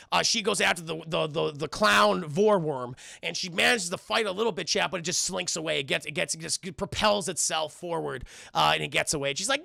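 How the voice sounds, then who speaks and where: Male streamer, high gravelly voice, lively film recap, dry close mic. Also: dry recording. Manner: animated, acts out characters in shouted voices. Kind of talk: excited movie recap to live chat.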